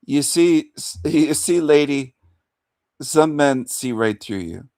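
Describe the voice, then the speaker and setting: A man's voice: on the high side, lively intonation, slow, a little mellow, no room sound, clean studio sound. A man hosting a livestream rant in a mocking, taunting manner, chuckling between insults. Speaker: livestream host.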